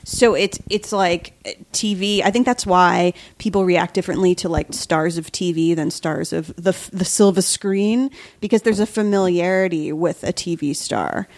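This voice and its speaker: A woman's voice: fairly low pitch, moderate pace, few pauses, darkish tone, no echo. Chatty, jokey woman on a dry mic. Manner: chatty and jokey, laughing often. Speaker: podcast guest. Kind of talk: casual chat.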